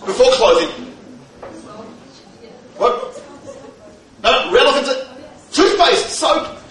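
Man, lecturer, humorous talk, rhetorical questions, distant mic, booming echo, faint background noise. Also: slow. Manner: animated, fires rhetorical questions at the audience. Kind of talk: humorous lecture to a live audience.

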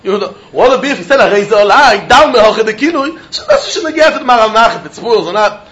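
High-voiced man giving a Talmud class. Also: lively intonation, quick pace, a bit bright, lo-fi sound. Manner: Yiddish-laced English, chanting question-and-answer. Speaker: Talmud teacher. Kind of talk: Talmud lecture.

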